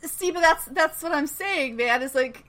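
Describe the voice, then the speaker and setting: Speaking at a moderate pace in a high-pitched voice, a podcast co-host chats casually through a recap of a TV show. She's animated, breaks into frequent laughter, and performs the characters' lines in playful voices.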